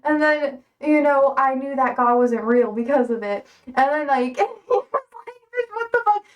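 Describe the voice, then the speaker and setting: High-voiced chatty young woman streamer. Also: animated, measured pace, far from the mic, dull audio. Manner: chatty, laughs often, rambling with many fillers. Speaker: livestreamer. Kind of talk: casual livestream chat.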